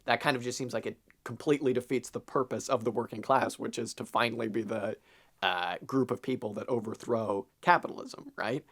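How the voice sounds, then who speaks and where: A young adult man co-hosting a podcast rambles through a casual chat, full of fillers and the occasional swear word. His medium-pitched voice is a bit bright and a little fast.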